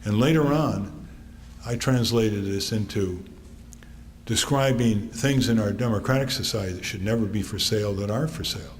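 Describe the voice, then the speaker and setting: Older man telling wry stories in a theater. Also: lowish voice. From Connecticut, USA. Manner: anecdotal, wry, pauses often. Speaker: author giving a public talk. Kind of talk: storytelling speech to an audience. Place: theater stage. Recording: long theater reverb, faint noise.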